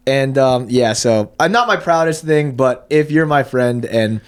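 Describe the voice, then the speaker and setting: A man's voice: medium pitch, a little slow, clear, resonant tone. A young man on a podcast, telling stories in casual chat with a lot of swearing and restarts. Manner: profane, animated storyteller who uses many restarts.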